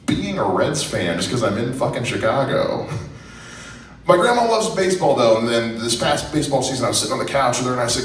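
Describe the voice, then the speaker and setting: A man's voice: medium pitch, expressive, fairly quick, far from the mic. A young man doing a profane, self-deprecating stand-up set on a comedy club stage. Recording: roomy club sound from afar, faint noise.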